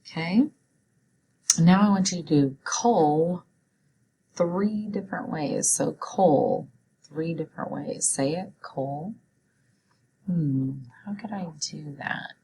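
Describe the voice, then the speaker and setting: A woman teaching young children a phonics lesson, speaking clearly and encouragingly as she walks them through sounds and words. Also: sits low, slow, long pauses, mellow, a little hiss or hum, poor audio.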